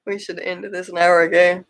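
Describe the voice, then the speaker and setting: A woman, laughing and playfully wrapping up a live stream as co-host. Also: fairly low pitch. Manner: laughs a lot, playful, gravelly. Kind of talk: casual chat signing off a live stream.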